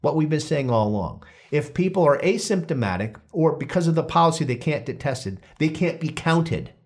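Animated, joking male podcast host. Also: fairly high pitch, normal speed. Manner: animated, joking, often restarts and corrects himself. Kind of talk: casual podcast chat reading through a study.

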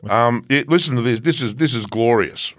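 A man's voice: medium pitch, moderate pace, fairly bright tone, no room sound. A man co-hosting a casual, sweary motorbike podcast. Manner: loose, sweary, laughing. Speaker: podcast co-host.

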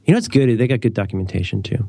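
A man's voice: very fast, vocal fry, breathy edge, dry recording. Middle-aged guy rambling thru an ad read, jokey, voice jumps way up sometimes, dry close mic. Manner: animated, rambling, jokey, with sudden high leaps. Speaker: podcast co-host reading an ad. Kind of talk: casual podcast chat.

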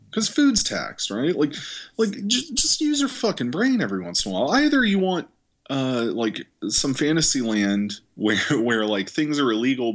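A man co-hosting a movie podcast, ranting casually with lots of swearing and filler words. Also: medium pitch. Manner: profane, rambling rants with many fillers. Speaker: podcast co-host.

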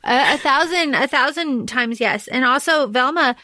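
Brief: enthusiastic woman co-host, somewhat high voice, dry close sound. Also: normal speed, bright, forceful tone, no room sound. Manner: enthusiastic, gushing. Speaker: podcast co-host. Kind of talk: casual chat.

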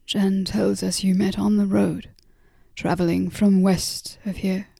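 A woman in a whispered role-play, voicing a gentle, weary middle-aged father who speaks slowly and kindly. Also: mid-range voice, level tone, vocal fry, husky, no echo, clean studio sound. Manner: slow, measured, kindly.

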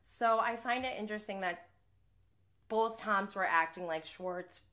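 Chatty bright-voiced woman recapping TV. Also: mid-range voice, a little slow. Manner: chatty, laughing, filler-heavy. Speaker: recap host. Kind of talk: casual reality TV recap.

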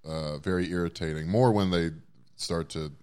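A man with a very deep voice co-hosts a casual podcast. He talks in long, winding stretches, swears freely and makes fun of himself. His delivery stays loose and chatty. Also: fairly even intonation, normal speed, darkish tone, smooth. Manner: wordy, profane, self-deprecating. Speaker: podcast co-host. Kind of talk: casual chat.

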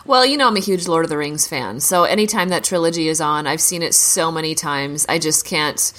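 A woman with a fairly low voice chatting casually. She sounds earnest and eager, often circling back and repeating herself as she talks. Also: brisk, fairly bright tone. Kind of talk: casual chat.

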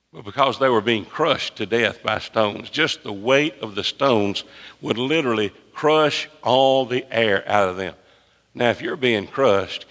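A male pastor preaching a sermon, emphatic, swinging from hushed asides to full shouts. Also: medium pitch, creaky, in a large hall.

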